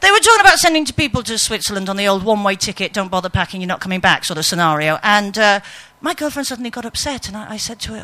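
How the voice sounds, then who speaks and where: A woman comedian telling a stand-up anecdote on stage, swinging from low asides to loud exclamations. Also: sing-song, very fast, hardly any pauses. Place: live stage before an audience.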